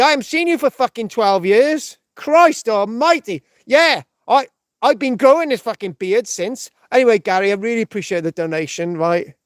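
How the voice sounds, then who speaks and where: A man's voice: sits high, dry recording, studio quality. A man from the United Kingdom hosting a rambling live stream, swearing heavily and checking in with "right?" all the time. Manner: rambling, heavy swearing, frequent restarts and "right?". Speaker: livestream host.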